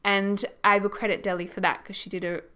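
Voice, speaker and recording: Aussie girl chatting over her build, easygoing and giggly, normal middle pitch. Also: flat delivery, fairly quick, a bit bright, clean tone. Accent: Australian. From Australia. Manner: chatty and rambling, laughs often. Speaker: gaming YouTuber. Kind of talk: casual build commentary.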